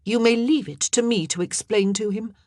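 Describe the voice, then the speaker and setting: A woman voicing a regal young queen who speaks in a brisk, commanding but kind way in an audiobook. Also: medium pitch, expressive, darkish tone, husky, no room sound, studio quality, voice pushed up.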